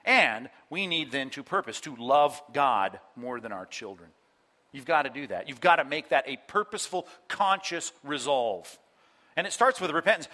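A man's voice: mid-range voice, moderate pace. A man preaching a sermon as pastor, talking straight to his congregation and acting out the people he quotes. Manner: animated, acts out quoted voices, addresses congregation directly. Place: church.

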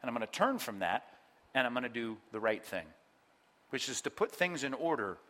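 Bright-voiced male pastor preaching. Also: mid-range voice, a little fast. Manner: animated, acts out quoted voices, addresses congregation directly. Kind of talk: sermon. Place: church.

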